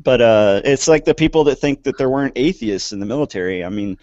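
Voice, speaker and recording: A man's voice: mid-range voice, expressive, fast talker, a little mellow, no room sound. An American man, a military veteran, chatting as a guest on an online radio show in a rambling, frank way. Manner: rambling, frank, laughing easily. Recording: dull lo-fi online call.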